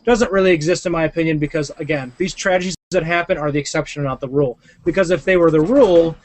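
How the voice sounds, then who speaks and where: A man's voice: a little high, fast, slight background noise. A young man hosting a podcast, talking earnestly in rambling casual chat with lots of fillers. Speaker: podcast host.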